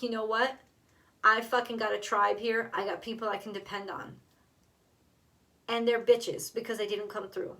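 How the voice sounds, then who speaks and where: A woman's voice: on the high side, a bit bright, far from the mic. A woman doing a tarot card reading, talking straight to the viewer, emotional and blunt, swearing freely. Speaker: tarot reader.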